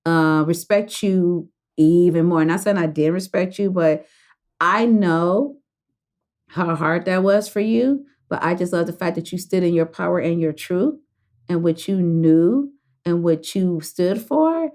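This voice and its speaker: A woman's voice: lowish voice, measured pace. Emotional, affirming woman podcast host. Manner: warm, affirming, emotional, laughs often. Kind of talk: casual heartfelt interview.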